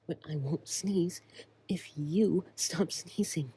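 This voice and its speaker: A young woman hiding in a closet scolds her friend in a hushed whispered role-play, voiced by a woman. Her voice is low and heavily breathy, with a raspy grain. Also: slow pace, full character voice.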